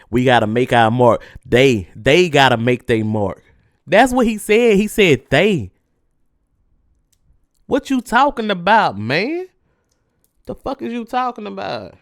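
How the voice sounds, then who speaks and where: A man's voice: high voice, sing-song, moderate pace, long pauses, no echo, studio quality. A man hosting a solo podcast, ranting casually and profanely with heated energy while his mouth burns from spicy food. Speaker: podcast host.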